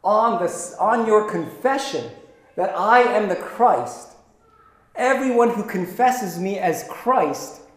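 A pastor preaching a sermon in a conversational way, with playful asides. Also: male voice, sits high, expressive, slow, reverberant. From Philippines.

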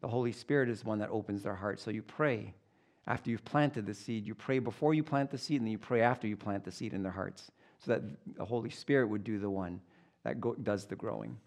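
A man preaching, slowly reading scripture aloud and then explaining it in plain, conversational words. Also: darkish tone. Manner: acts out voices with big pitch jumps. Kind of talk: Bible teaching.

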